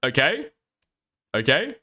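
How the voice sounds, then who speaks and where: A man's voice: medium pitch, huge pitch swings, slow pace, pushed and bright. A man doing casual reaction commentary on a stream, chatty and profane, often laughing as he talks.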